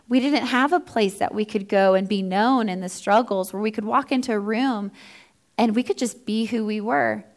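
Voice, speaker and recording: A woman in her thirties, founder of a ministry for first responder families, giving an earnest, heartfelt personal testimony. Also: medium pitch. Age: 30s. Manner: earnest, heartfelt, acts out quoted dialogue.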